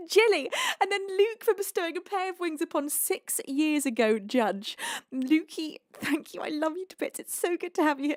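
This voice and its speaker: British woman streamer, high voice jumping all over, teary and giggly, super dry close sound. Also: expressive, moderate pace, no echo. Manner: emotional, laughing and tearful, overwhelmed. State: crying while laughing. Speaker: livestream singer host. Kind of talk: casual live-stream chat reading donations.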